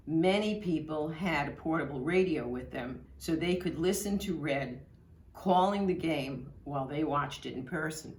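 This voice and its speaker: Brief: older woman, slow fond reminiscence, echoey room. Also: sits low. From Brooklyn, New York. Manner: fond, storytelling delivery. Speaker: local history speaker. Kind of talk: reminiscing talk.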